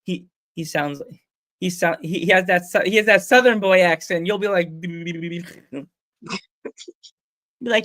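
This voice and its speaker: A man's voice: high voice, slow pace, pauses often, fairly bright tone. An American man hosting a casual podcast chat, rambling with stumbles, restarts and frequent laughs. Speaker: podcast host.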